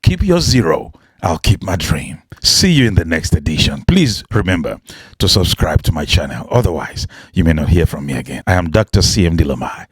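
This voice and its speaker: Emphatic husky male preacher. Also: rumbling low, very animated, a little fast, dry recording, studio quality. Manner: emphatic, repetitive, rhetorical. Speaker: motivational preacher. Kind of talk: preaching motivational storytelling.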